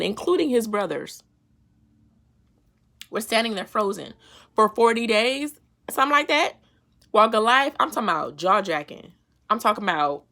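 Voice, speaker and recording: A woman hosting her own faith vlog, talking in a lively, playful, slangy way and laughing often as she explains a Bible verse. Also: fairly high pitch. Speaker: faith vlogger. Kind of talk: casual devotional talk.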